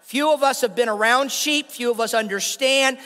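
High bright-voiced male pastor preaching. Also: moderate pace. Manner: call-and-response preaching, stretched emphatic phrases. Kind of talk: sermon. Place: church. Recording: long hall reverb.

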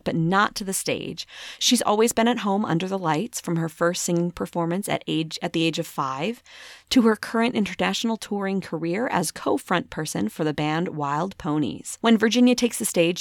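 A woman's voice: on the low side, gravelly, no room sound, studio quality. A woman hosting a podcast in a casual monologue, chatty with many filler ums and playful asides. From United States. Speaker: podcast host.

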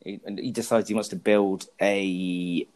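A man with a fairly low voice banters on a podcast. He tells jokes crudely and cheekily and rambles as he recounts film plots. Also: flat delivery, measured pace, a little mellow. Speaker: podcast co-host. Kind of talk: casual banter about films.

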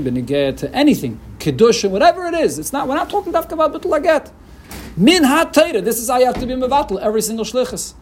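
A man's voice: high voice, a little mellow, slight background noise. A man teaching a Talmud lesson in English mixed with Hebrew and Aramaic terms, explaining with frequent restarts. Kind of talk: Talmud lecture.

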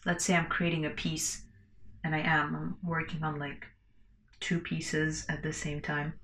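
A woman's voice: sits low, little pitch movement, unhurried, fairly bright tone, echoey room, a little hiss or hum. A woman hosting a casual solo podcast, rambling loosely, swearing freely and laughing between her thoughts. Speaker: podcast host.

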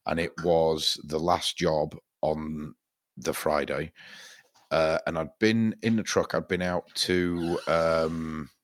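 Deep-voiced sweary man. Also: fairly even intonation, takes it slowly, no echo. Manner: sweary, rambling storyteller. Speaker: podcast co-host. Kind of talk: casual chat.

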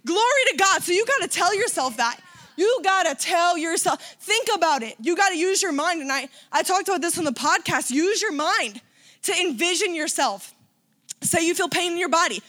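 A woman preaching with fervor, her voice very high and bright. She builds emphasis through repetition and urgent declarations. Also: animated, moderate pace. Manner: impassioned, emphatic, repeating phrases. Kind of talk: sermon.

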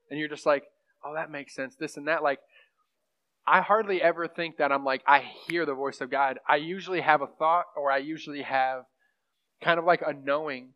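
A young man teaching on prophecy in a casual, rambling sermon style, full of fillers and asides to the room. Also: on the high side. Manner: rambling, conversational, lots of fillers. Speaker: pastor teaching a class. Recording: muffled lo-fi room recording.

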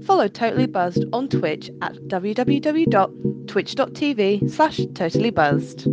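A woman reading a podcast promo in a lively, playful voice. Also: mid-range voice, a little slow. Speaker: promo announcer. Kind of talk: promo read. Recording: dull lo-fi promo over loud music.

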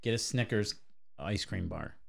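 A man's voice: lowish voice, animated, a little slow, vocal fry. A man co-hosting a podcast in casual banter, swearing constantly and ranting in mock anger. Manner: profane, mock-angry ranting. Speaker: podcast co-host.

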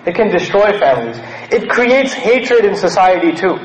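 A man from Pakistan giving a lecture as a preacher, animated and acting out quoted characters mockingly. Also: high voice, moderate pace, roomy sound, a little hiss or hum, low-quality recording.

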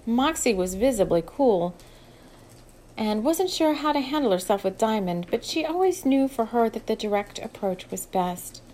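A woman reading a novel aloud as an audiobook narrator, in a steady, measured storytelling voice. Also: fairly high pitch, slight background noise. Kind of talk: scripted narration.

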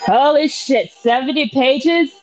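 A woman, a mother, chatting casually with her son, blunt and quick to swear. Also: high voice, muffled recording, faint music behind. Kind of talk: casual chat.

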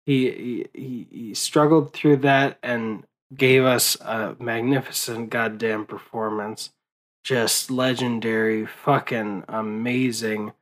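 A man's voice: mid-range voice, steady tone, slow pace, fairly bright tone, poor audio. A young man rambling in a casual late-night monologue, worn out and swearing often, with many fillers and restarts. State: exhausted. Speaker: vlogger.

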